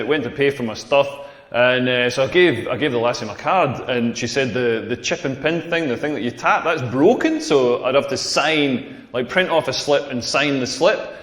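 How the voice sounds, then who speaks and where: A man's voice: medium pitch, a bit bright. A Scottish man doing a stand-up comedy set on a club stage, ranting through brash, rambling punchlines. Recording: echoey club hall reverb.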